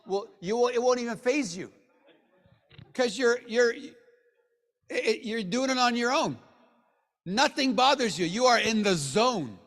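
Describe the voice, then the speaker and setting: A man giving a motivational sales training talk to a room of people, joking, and swinging between low mutters and loud bursts. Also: lively intonation, a little slow. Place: meeting room with an audience. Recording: long hall reverb.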